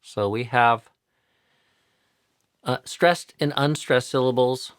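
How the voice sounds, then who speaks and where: An American man teaching chanting pronunciation patiently in a live online tutorial, repeating each sound slowly to demonstrate it. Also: mid-range voice, clean tone, dry recording, clean studio sound. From United States.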